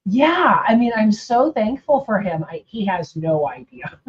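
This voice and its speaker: A woman's voice: mid-range voice, sing-song, measured pace. A woman hosting a casual conversation, speaking reflectively and acting out remembered dialogue. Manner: reflective, acts out quoted dialogue. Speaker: podcast host. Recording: dull lo-fi audio.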